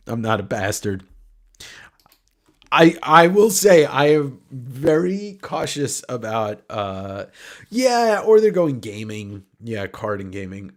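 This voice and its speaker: This livestream host is a man with a gravelly, mid-range voice that sounds nasal. He runs a giveaway in a loose, rambling way, joking around and cursing without much restraint.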